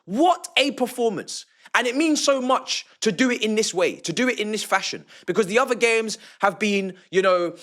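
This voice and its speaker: A young man with a notably high-pitched voice delivering a fired-up post-match football reaction. He talks emphatically, stacking repeated phrases and slangy banter as he builds his points. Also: fairly bright tone. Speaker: football fan reaction host.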